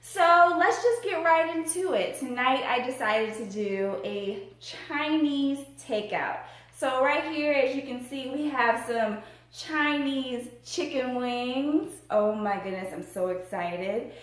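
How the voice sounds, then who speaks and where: A woman hosting a casual eating vlog who talks in a bubbly, excited way between bites. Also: high-pitched, takes it slowly. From Tampa, Florida area. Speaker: mukbang vlogger. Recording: echoey room.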